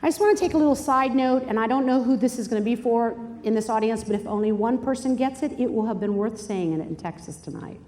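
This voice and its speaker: A middle-aged woman giving a lively Bible study talk to an audience, dramatic and jumping into high, shrieking quoted voices. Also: fast talker, few pauses, a little hiss or hum. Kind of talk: animated teaching talk to a live audience. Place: large hall before an audience. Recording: live hall recording with long reverb.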